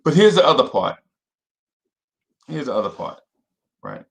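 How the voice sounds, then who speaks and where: Animated, bright-voiced man hosting a livestream. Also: mid-range voice, a little slow, vocal fry. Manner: animated, repeats himself, shouts out viewers. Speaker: host of a fan livestream. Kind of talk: casual livestream talk.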